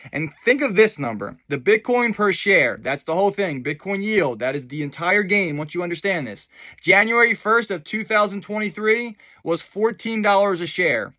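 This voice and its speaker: A young man with a high, bright voice talks through the week's news in a loose, enthusiastic way, full of fillers and asides. The sound is close and dry, with no room around it. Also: no echo. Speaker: host of a crypto news video. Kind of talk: casual news commentary.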